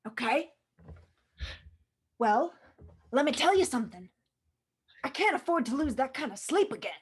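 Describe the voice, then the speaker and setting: A woman's voice: high voice, very animated, moderate pace, husky, exaggerated voice. A woman playing a stern, demanding mother who scolds her grown child in an improv comedy scene, blunt and unimpressed.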